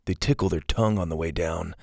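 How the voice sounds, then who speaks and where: Man doing a chill tough kid, slow drawl, gravelly and dry. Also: low-pitched, darkish tone, no room sound, pitched below the performer's own voice. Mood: laid-back. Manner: laid-back, understated, drawling. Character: cool, laid-back tough boy survivor.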